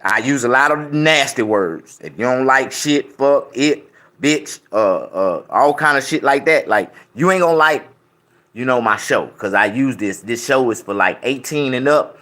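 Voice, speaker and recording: A man in his fifties talking loudly and casually to his viewers while eating, rambling and preaching between bites and humming over his food. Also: medium pitch, lively intonation, a little slow. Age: 50s. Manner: loud, preachy, with rambling riffs; chews and hums with food in his mouth. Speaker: YouTube vlogger.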